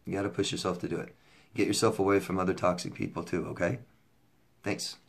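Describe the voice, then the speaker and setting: A man's voice: sits low, steady tone, fast, vocal fry. A middle-aged man coaching viewers in a casual advice monologue, blunt and repetitive, swearing when riled up. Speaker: relationship coach answering viewer questions.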